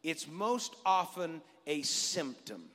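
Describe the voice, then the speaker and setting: A middle-aged man preaching a sermon as pastor, animated and joking with his congregation. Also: fairly high pitch, slow pace. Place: church sanctuary. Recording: long reverb of a church hall.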